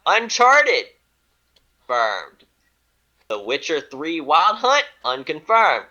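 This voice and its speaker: Male co-host, bright and animated, unhurried singsong delivery, giggly. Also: on the high side, highs cut off. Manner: reads items in a rising-then-falling singsong, laughs often; giggly, self-mocking. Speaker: podcast co-host. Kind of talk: casual chat reading a list.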